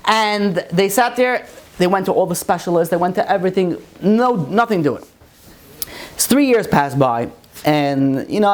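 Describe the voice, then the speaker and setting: A man, a rabbi giving a Torah class, who tells parables and acts out the dialogue in changing voices. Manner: storytelling, acts out dialogue with pitch jumps.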